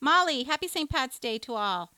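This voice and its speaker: A cheerful woman co-hosting a live stream, greeting viewers one after another. Her voice is bright and crisp and sits a little high. It is recorded close, with a dry sound and almost no room. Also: animated, moderate pace, no room sound. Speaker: co-host of a live music stream. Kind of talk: casual live-stream chat.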